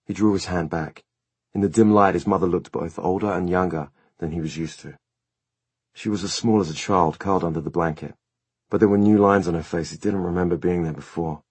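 A man narrating an audiobook in a measured, steady storytelling manner. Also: deep voice, husky, dry recording. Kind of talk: scripted narration.

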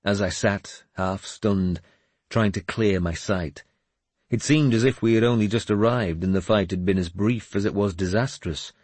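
A man narrating a first-person audiobook in a measured, expressive way on a close studio mic. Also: lowish voice, no echo.

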